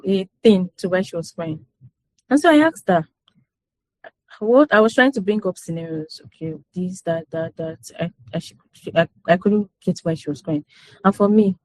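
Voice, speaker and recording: Speaking in a mid-range, slightly mellow voice, a parent addresses a group about parenting in a casual, story-filled talk punctuated by laughter. She often repeats points and sprinkles in "you know" and "do you understand." No room sound is audible.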